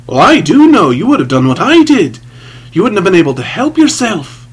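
A man voicing a big adventurer haunted by guilt, defiant yet terrified, in loud, strained, raised outbursts in an audiobook reading. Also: medium pitch, expressive, slow, breathy edge, full character voice. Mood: mocking. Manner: blustering outbursts.

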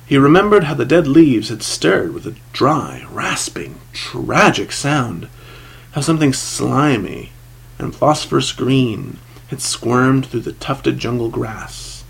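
Gravelly male storyteller with dramatic emphasis. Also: mid-range voice, rough recording. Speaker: audiobook narrator. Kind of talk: scripted narration.

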